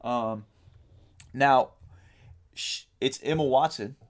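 A male podcast co-host with a medium-pitched voice speaks slowly in casual chat. He rambles, fills his talk with lots of ums, and swears casually.

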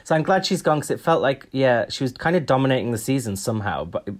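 A man's voice: medium pitch, expressive, fast talker. Guy cohosting a podcast, wry and chatty, lots of ums. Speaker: podcast co-host. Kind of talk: casual chat.

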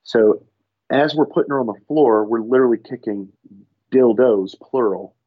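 A man's voice: mid-range voice, normal speed, narrow, tinny audio. A man, a firefighter, telling a profane story in casual podcast talk and acting out the people in it. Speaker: firefighter guest.

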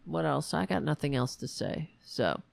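A woman's voice: low voice, lively intonation, normal speed, vocal fry, no echo. Blunt, outraged woman livestream host. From United States. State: tired, voice going. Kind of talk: casual livestream political commentary.

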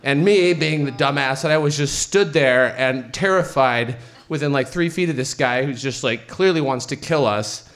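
A man's voice: mid-range voice, moderate pace, fairly bright tone. Profane rambling male storyteller. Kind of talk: personal story told to an audience.

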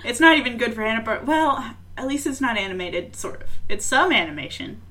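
A woman's voice: a little high, fast talker. A woman co-hosting a podcast, chatting casually and jokily, often laughing. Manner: animated, jokey, laughs often. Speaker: podcast co-host. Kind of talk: casual chat.

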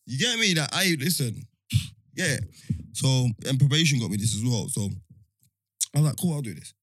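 A man's voice: mid-range voice, lively intonation, normal speed, a bit bright, no room sound. A young man tells a slang-heavy story in casual chat, acting out the dialogue of the people in it. The sound is dry and close.

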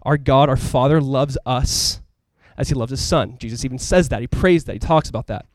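Fast-talking, animated male pastor. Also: mid-range voice, no echo. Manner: casual, conversational preaching with frequent asides; animated, emphatic delivery. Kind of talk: sermon.

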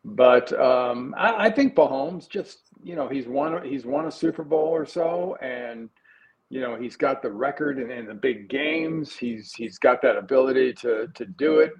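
A man in his sixties, a former player appearing as a guest analyst on sports talk radio, speaking in an easygoing, halting way with frequent restarts. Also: mid-range voice, lo-fi sound, a crowd in the background.

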